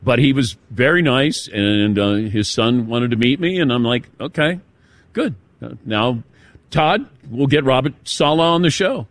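A man's voice: medium pitch, animated, a little slow, fairly bright tone, no echo. A man hosting a sports talk radio show, telling stories and laughing easily as he passes the talk to his co-hosts. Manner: storytelling, laughs easily, hands off to co-hosts by name. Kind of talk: casual radio show banter.

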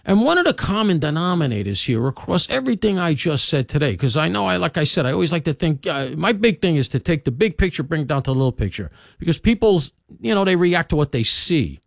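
A New man hosts his radio show, opinionated and emphatic, with plenty of side remarks. His voice rides up and down with big, lively swings in pitch. The studio sound is dry and close, with no room echo. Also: quick pace, gravelly, few pauses. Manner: animated, emphatic, conversational with asides. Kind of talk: opinionated talk radio monologue.

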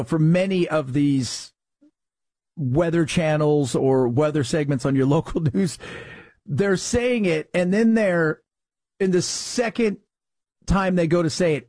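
A man's voice: a little high, a little mellow, no echo. A middle-aged man hosting a talk radio show, joking casually and playfully mangling names before moving into reads. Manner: jokey, mangles names playfully, laughs at himself. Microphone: studio microphone.

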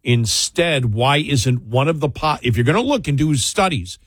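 A man's voice: mid-range voice, animated, moderate pace, slightly rough, no room sound. Sardonic male co-host, dry sound. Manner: sardonic, joking. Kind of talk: casual talk show chat, reading from a study.

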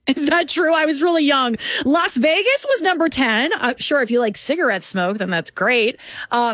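Woman radio host, casual chatty talk, bouncy higher voice, dry studio sound. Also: a bit bright, no echo. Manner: chatty, musing, self-correcting.

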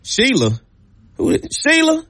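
Lively high-voiced radio host. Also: male voice, a little slow, no echo. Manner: playful, teasing banter. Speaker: radio show host taking calls. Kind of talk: casual call-in sports talk.

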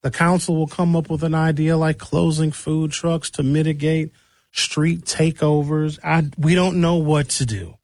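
A man hosting a talk show who is hoarse from recent shouting, giving blunt, conversational commentary on local news and asking rhetorical questions. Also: a little high, little pitch movement, a little slow, no room sound, clean studio sound.

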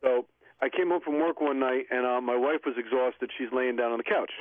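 A man co-hosting a talk show, telling a story in a quick, relaxed way. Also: mid-range voice, no room sound. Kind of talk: casual chat. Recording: dry, phone-like sound.

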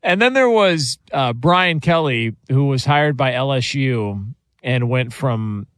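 A man's voice: mid-range voice, slow pace, dry recording, clean studio sound. A man hosting a casual sports talk show, setting up the stories with a chuckle and lots of ums. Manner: lively, chuckling setup of stories.

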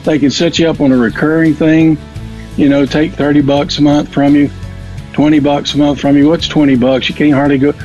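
A man's voice: a little high, flat delivery, fairly quick, dark tone. A man making a casual on-air appeal for donations, rambling and often repeating his words. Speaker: radio guest appealing for donations. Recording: dull lo-fi audio with faint music.

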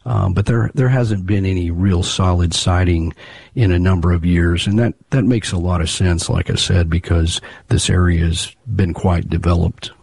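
A deep-voiced man with a husky, slightly rough tone talks through his research in a measured, explanatory way. The sound is dry and close, with no room echo. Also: darkish tone. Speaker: researcher of local monster legends. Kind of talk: interview answers.

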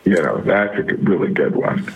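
A man's voice: low-pitched, sing-song, fairly quick, creaky. A middle-aged man as a comedian guest in a casual interview, rambling with many fillers over a phone line.

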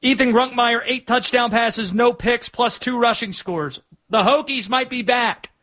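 A man hosting a sports talk radio show, energetic and opinionated as he hypes up a football matchup. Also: extremely high pitch, measured pace.

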